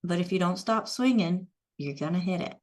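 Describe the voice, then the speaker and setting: A woman's voice: on the low side, lively intonation, fairly quick. A woman hosting a live show, upbeat as she reads out viewer comments and takes callers. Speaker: host.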